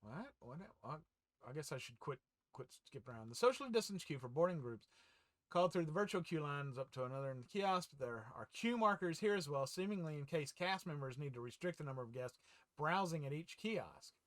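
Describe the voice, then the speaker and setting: A man's voice: on the high side, animated, brisk, dry recording, clean studio sound. A man hosting a casual fan news show, reading headlines aloud and rambling through them with fillers and small chuckles. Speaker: host of a fan news channel.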